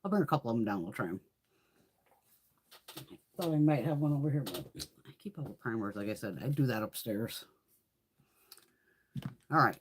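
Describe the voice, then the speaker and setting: A woman's voice: very deep voice, expressive, brisk, long pauses, slight background noise. A middle-aged woman hosting a casual beauty livestream, chatty and swearing freely as she tells stories.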